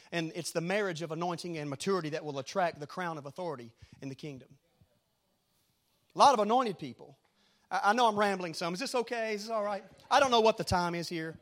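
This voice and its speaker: A middle-aged man with a high-pitched voice preaches a rambling sermon a little fast, shifting from hushed storytelling to shouted exhortation.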